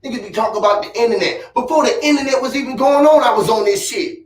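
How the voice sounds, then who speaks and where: High-voiced man ranting boastfully, roomy. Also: quick pace, recorded from a distance, faint music behind. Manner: boastful, profane, rambling and emphatic. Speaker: vlogger. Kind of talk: casual rant to camera. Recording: roomy echo, off-mic.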